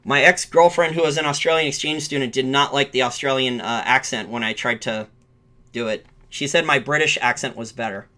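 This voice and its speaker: Slightly fast and sharp-toned, with a medium pitch, the host of a live-streamed finance show rambles through loose market commentary. He frequently restarts mid-sentence and corrects himself.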